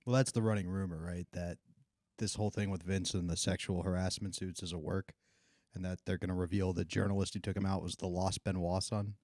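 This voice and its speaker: A man co-hosting a casual comedy podcast, dropping deadpan one-liners. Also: low-pitched, a little fast, no echo, clean studio sound.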